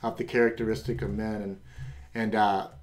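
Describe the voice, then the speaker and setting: A middle-aged man hosting a podcast, telling a personal faith testimony and acting out the voices of people in it. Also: moderate pace. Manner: animated, acts out quoted voices with big pitch jumps. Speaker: podcast host.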